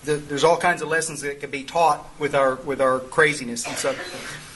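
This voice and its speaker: A man's voice: on the high side, steady tone, normal speed, noisy background. A middle-aged man, telling a rambling, humorous story to a recovery group, full of restarts. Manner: rambling, self-interrupting, humorous. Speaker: sponsor leading a twelve-step study. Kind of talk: folksy storytelling talk to a group.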